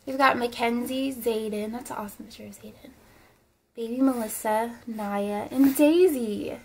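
A young woman with a Midwest American accent, chatting excitedly as she opens fan mail for her vlog and talks to her dolls. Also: fairly high pitch, normal speed, husky. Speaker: vlogger opening fan mail. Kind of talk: casual vlog unboxing.

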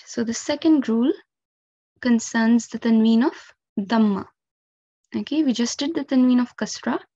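Slow, patient woman teaching recitation rules. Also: on the high side, mellow, no room sound, muffled recording. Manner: patient, careful step-by-step explanation with frequent 'um' and 'okay'. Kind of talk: instructional lesson.

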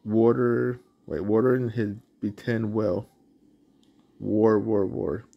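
A man's voice: on the low side, slow, vocal fry, highs cut off. A man hosting his channel, reading a picture book aloud with roaring sound effects. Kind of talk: storybook read-aloud.

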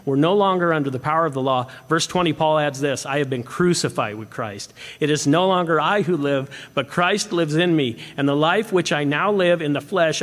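A man's voice: on the high side, long reverb tail. A male pastor preaching a sermon with emphasis, often putting questions to the congregation. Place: church sanctuary.

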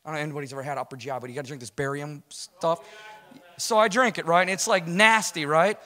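Brief: quick-talking middle-aged man, fairly high voice, lively church testimony. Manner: storytelling, acts out quotes, casual slang. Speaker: guest speaker giving a testimony. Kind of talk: animated spoken testimony.

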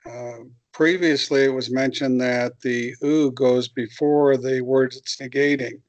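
A student in a class, a man asking questions with hesitant pauses and fillers. His voice sounds dry and close. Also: mid-range voice, steady tone, no echo, dull audio.

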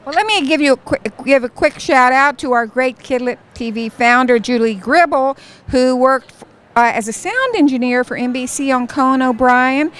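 A woman hosting a live interview at a conference booth, bubbly and enthusiastic, quick to laugh. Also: high-pitched, a bit bright. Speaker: interviewer for a book channel.

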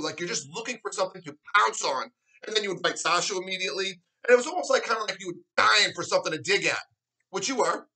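A man with a high, piercing voice goes on a heated, profane rant to camera. His tone is bright and forceful, full of sarcasm, and he mocks his rival in put-on voices. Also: poor audio. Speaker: arm wrestler vlogging a response.

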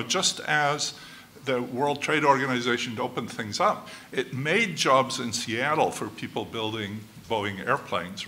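Bright-voiced older man with faint room hum. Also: fairly low pitch. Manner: thoughtful, hesitant, lots of fillers. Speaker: seminar discussant. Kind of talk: academic panel discussion.

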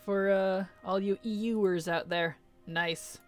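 A woman's voice: medium pitch, steady tone, takes it slowly, soft background music. A young adult woman live-streaming a game in casual chat, reading viewers' messages aloud, answering them and laughing often.

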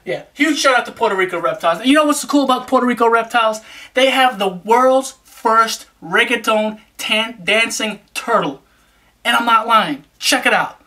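Man as a YouTube vlogger giving shout-outs, hyped and joking, streetwise, with a bright, punchy voice. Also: very high voice, normal speed. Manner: repeats "you know what I'm saying". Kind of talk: casual vlog shout-outs.

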